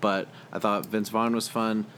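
Young male co-host, lower register, easygoing rambler, faint noise in the recording. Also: steady tone, normal speed, fairly bright tone. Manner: rambling, filler-heavy, chuckles often. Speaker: podcast co-host. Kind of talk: casual movie chat.

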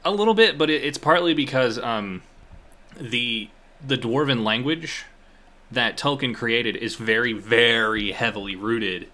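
Young man from Kentucky, casual game-master chat, bright tone, middle pitch, rambles with ums and restarts. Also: a little slow. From Eastern Kentucky. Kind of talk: casual chat about worldbuilding.

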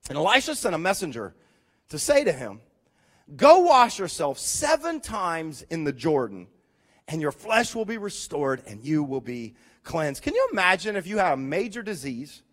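Male pastor, high and very expressive voice, animated sermon storytelling. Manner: animated storytelling, voicing characters, rising to loud emphasis.

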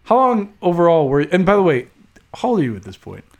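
A man hosting a casual podcast conversation, asking quick follow-up questions and laughing easily. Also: on the high side, huge pitch swings, darkish tone. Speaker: host.

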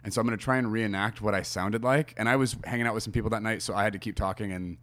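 Low-voiced, chatty male podcast host. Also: fairly even intonation, racing, fairly bright tone. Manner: chatty and meandering, talking to listeners. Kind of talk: casual podcast chat.

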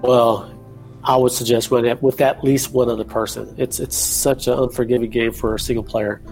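Guy, gravelly voice, chill podcast guest, faint music behind. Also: medium pitch, little pitch movement, normal speed, darkish tone. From Texas. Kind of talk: casual gaming podcast chat.

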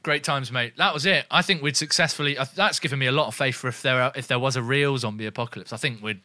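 A man co-hosting a comedy podcast, bantering casually, swearing and now and then shouting. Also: mid-range voice, fast, no echo, studio quality. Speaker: podcast co-host.

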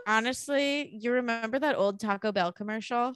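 Female podcast guest, giggly, self-deprecating, slightly high voice. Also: moderate pace, a bit bright, smooth. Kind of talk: casual podcast chat.

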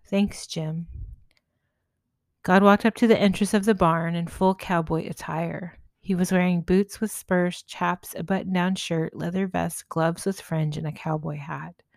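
A woman, a spiritual healer, narrating a story in a gentle, measured way. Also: lowish voice, steady tone, creaky, no room sound.

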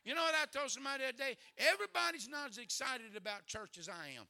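Preacher guy, high bright voice, cracking jokes, folksy, gets loud now and then. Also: lively intonation, fast, creaky. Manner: folksy, joking, loud bursts. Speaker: guest preacher. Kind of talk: humorous sermon.

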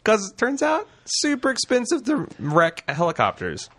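A man's voice: high-pitched, wildly swooping pitch, moderate pace, a bit bright, no room sound. A man co-hosting a podcast in a casual chat, making wry jokes and asides. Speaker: podcast co-host.

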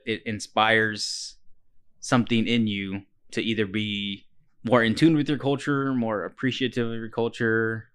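A man's voice: lowish voice, fairly even intonation, unhurried, a bit bright, smooth. A man co-hosting a casual podcast chat, laid-back, swearing freely and laughing often. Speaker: podcast co-host.

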